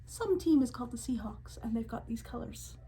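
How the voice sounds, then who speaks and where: Woman co-host, playful and animated, slight background noise. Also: on the high side, fairly quick, low-quality recording. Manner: lively, playful, rambling. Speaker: podcast co-host. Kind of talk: casual chat.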